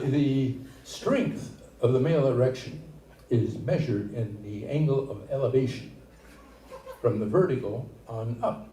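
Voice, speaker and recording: An older man performing a stand-up comedy set in a small venue, with a rambling, halting delivery full of asides. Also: mid-range voice, a little hiss or hum. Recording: echoey room, distant mic, loud ambience. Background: audience laughter.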